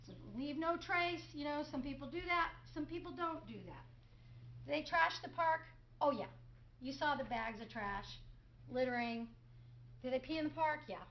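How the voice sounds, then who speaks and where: Sarcastic high-voiced woman prosecutor. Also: normal speed, highs cut off. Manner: sarcastic, mimics others in quotes, asks rhetorical questions. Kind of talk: courtroom closing argument. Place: courtroom.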